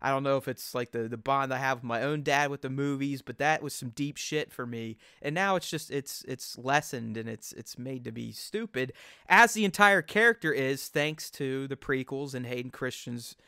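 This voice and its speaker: A man's voice: medium pitch, normal speed, clear, resonant tone, no room sound, clean studio sound. A man in casual chat, ranting with lots of swearing and acting out quotes. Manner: profane, animated ranting with acted-out quotes.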